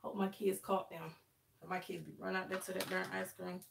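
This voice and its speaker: Woman, thirties, relaxed live-chat host with a gravelly tone, recorded from a distance. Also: on the low side, a little fast, slight background noise. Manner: chatty, addresses viewers as y'all, dialect grammar. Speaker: livestream host. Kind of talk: casual live chat while doing her hair. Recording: echoey room, mic at a distance.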